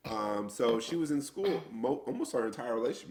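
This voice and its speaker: A man's voice: mid-range voice, brisk, hardly any pauses, very noisy. A middle-aged man co-hosting a podcast, telling stories with laughs and acting out what people said. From United States. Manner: animated storytelling, acting out quotes with laughs. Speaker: podcast co-host. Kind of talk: casual chat.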